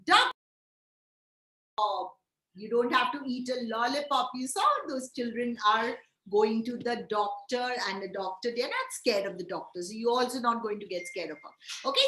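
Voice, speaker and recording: A woman preschool teacher telling a story to young children, animated, sing-song and coaxing. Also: on the high side, echoey room, rough recording.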